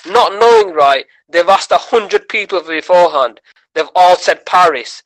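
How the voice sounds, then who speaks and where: A man's voice: high voice, a little slow, vocal fry, rough recording. A man, a comedian guest on a podcast telling a story and acting out the voices of the people in it. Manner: animated, acts out quoted voices.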